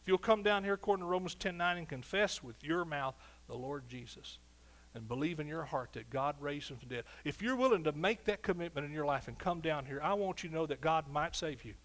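A man's voice: a little high, lively intonation, brisk, a bit bright. A man preaching a sermon emphatically, often asking the congregation for response. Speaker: pastor.

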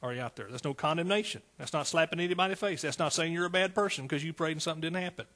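Male preacher, fervent, slightly high voice. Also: very fast, fairly bright tone. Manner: fervent, calls out to the congregation. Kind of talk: sermon.

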